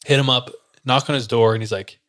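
A man's voice: mid-range voice, steady tone, a little fast, fairly bright tone, no echo, studio quality. A young man, a podcast co-host, telling a story in casual chat and acting out the lines of the people in it. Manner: loose, laughing, acts out quotes.

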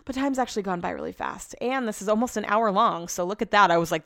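Chatty young woman with a smooth voice. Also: mid-range voice, fast talker, hardly any pauses, a bit bright, no echo, studio quality. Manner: chatty, rambling, lots of fillers and restarts. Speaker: podcast host. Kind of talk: casual solo podcast chat. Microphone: podcast mic.

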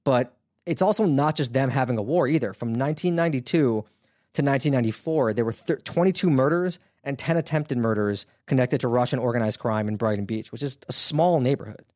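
A man's voice: medium pitch, a little fast, a little mellow, no room sound, studio quality. A man hosting a podcast, telling a crime story in a casual, wry, conversational way with lots of fillers. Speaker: podcast host.

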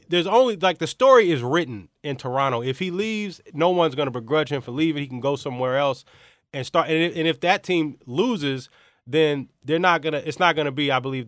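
A man's voice: medium pitch, fairly bright tone, no room sound, studio quality. A man co-hosting a sports talk show, talking loosely in casual debate, rambling and restarting his sentences.

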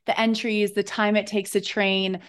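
A woman's voice: medium pitch, flat delivery, normal speed, clear, resonant tone. Woman host asking interview questions. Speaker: podcast host.

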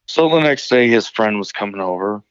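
A man's voice: on the low side, expressive, moderate pace, smooth, dry recording, lo-fi sound. A man from Illinois, calling in to a show, telling a story casually, rambling and swearing with many restarts. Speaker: caller telling stories.

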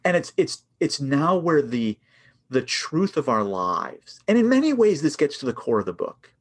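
Male author guest, husky, animated delivery, acts out prayers mid-chat. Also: fairly high pitch, moderate pace. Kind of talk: casual podcast conversation on prayer.

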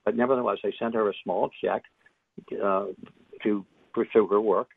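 An older man, an author and interview guest, telling his story in a reflective way, halting often with fillers and restarts. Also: lowish voice, steady tone, gravelly, husky, no echo. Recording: tinny phone line.

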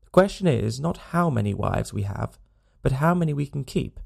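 A man's voice: mid-range voice, animated, normal speed, creaky. A man voicing a nasal, smirking young suitor who boasts of his wealth, in a storybook reading. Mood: smug.

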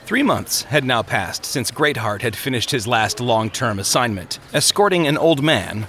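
A man reading a story aloud as narrator, with an expressive delivery. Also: mid-range voice, a little hiss or hum.

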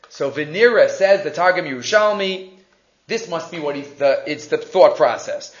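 A man's voice: high voice, animated, moderate pace, a bit bright. A man giving a Torah class, explaining Hebrew and Aramaic texts in English with rhetorical questions. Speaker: Torah teacher. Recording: echoey muffled room recording.

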